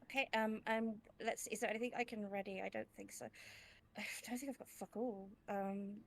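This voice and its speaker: A woman's voice: mid-range voice, fairly even intonation, normal speed, gravelly. A woman playing a tabletop game, talking casually and hesitantly, often restarting her sentences. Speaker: player.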